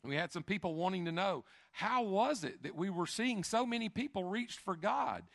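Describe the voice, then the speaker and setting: A middle-aged man preaching, telling stories in an animated way that swings between hushed asides and loud, emphatic bursts. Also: high-pitched, normal speed, gravelly, dry recording, studio quality. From Chattanooga, Tennessee. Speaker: pastor. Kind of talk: sermon storytelling.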